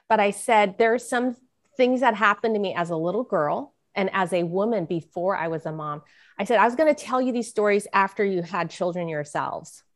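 A middle-aged woman, an author guest in a podcast interview, telling a personal story earnestly and acting out the voices of people she quotes. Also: medium pitch.

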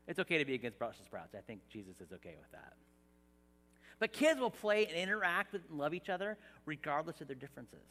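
A middle-aged male pastor preaching a sermon in a church, animated, swinging from soft asides to shouted emphasis. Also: on the high side, long reverb tail. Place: church hall.

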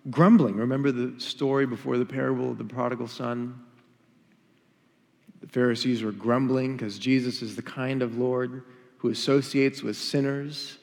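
A man's voice: medium pitch, big-room sound. A male pastor preaching a sermon, emphatic and full of rhetorical questions, sometimes acting out what people would say.

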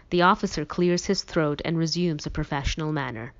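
A woman reading a novel aloud as an audiobook reader, in a plain, even storytelling manner. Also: low-pitched, fairly quick. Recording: dull lo-fi recording.

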